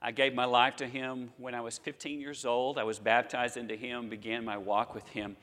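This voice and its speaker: A man in his sixties delivers a sermon, reading scripture aloud and pausing for effect. His voice sits at an ordinary pitch for a man. A long reverb trails after each phrase, as in a church hall. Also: level tone, fairly bright tone. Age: 60s. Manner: preaching with dramatic pauses, quoting scripture. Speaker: pastor.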